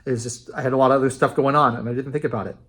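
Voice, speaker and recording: A man's voice: medium pitch, fairly even intonation, rapid-fire, a bit bright. A man casually ranking a band's albums in a rambling, enthusiastic monologue, with many fillers and restarts. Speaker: music reviewer.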